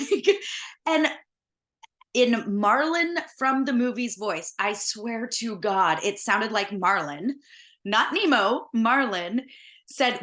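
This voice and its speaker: Brief: woman storyteller, earnest and conversational, sharp bright tone. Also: fairly high pitch, animated, unhurried. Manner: earnest, conversational, retelling events vividly. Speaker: podcast host. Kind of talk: personal storytelling.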